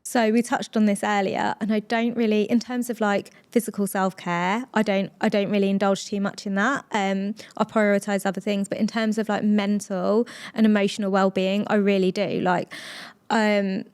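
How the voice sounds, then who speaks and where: A woman in her thirties, a podcast guest, talking openly and at length with quick bursts and restarts. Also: mid-range voice, flat delivery, darkish tone, clean tone. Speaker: podcast guest, blogger and entrepreneur. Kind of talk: candid conversational interview.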